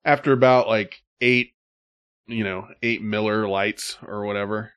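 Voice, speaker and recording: A man's voice: fairly low pitch, unhurried, smooth. A man hosting a podcast, chatting casually, reading out listener messages and laughing often. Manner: laughing, rambling, lively delivery. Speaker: podcast host.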